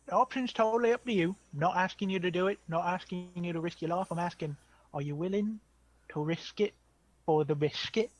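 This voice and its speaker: A man playing a smooth-talking, pushy male recruiter who keeps calling others "mate" in a persuasive, chummy way. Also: sits high, fairly quick, lightly acted, rough recording. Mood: coaxing. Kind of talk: tabletop role-play voice.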